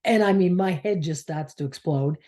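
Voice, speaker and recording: A woman's voice: low voice, normal speed, warm tone. A woman from Maine telling a heartfelt personal story in a rambling way, sometimes dropping to a near whisper. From Maine, United States. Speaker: spiritual coach, channel host.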